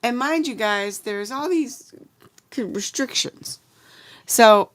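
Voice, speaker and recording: An American woman co-hosting a podcast, telling a story in a chatty, animated way. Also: on the high side, takes it slowly, pauses often, no echo. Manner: chatty, animated retelling with acted-out quotes. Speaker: podcast co-host. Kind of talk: casual storytelling chat.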